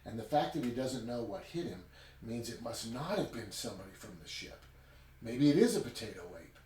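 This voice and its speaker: A man's voice: medium pitch, a little fast. Chatty man reviewing, roomy distant sound. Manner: animated retelling, chatty asides. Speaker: book reviewer. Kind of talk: casual review chat. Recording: roomy sound from a distant mic with faint ambience.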